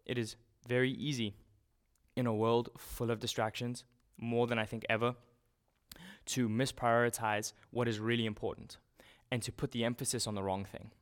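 A man preaching a sermon in a relaxed, conversational way, often restarting and using fillers. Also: mid-range voice, normal speed.

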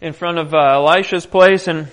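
High-voiced man teaching the Bible. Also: normal speed, raised voice. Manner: often clears his throat; animated storytelling. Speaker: preacher.

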